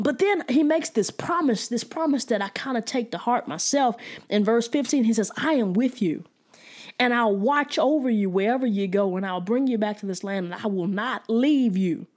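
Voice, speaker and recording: An excited woman preaching a fervent Bible teaching, talking colloquially with frequent restarts. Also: on the high side. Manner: enthusiastic, fervent, laughing often. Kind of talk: sermon.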